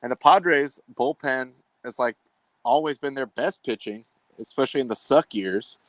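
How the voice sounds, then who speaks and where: Male host, relaxed wry sports banter, mid-range voice, dry recording. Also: mid-range voice, moderate pace, no room sound. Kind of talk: casual sports chat.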